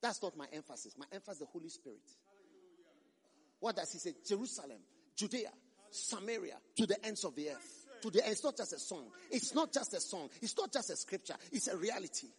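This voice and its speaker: A man's voice: high-pitched, big pitch swings, fairly quick. A man preaching a sermon as a pastor, emphatic and repeating phrases for force. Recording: long reverb in a large hall.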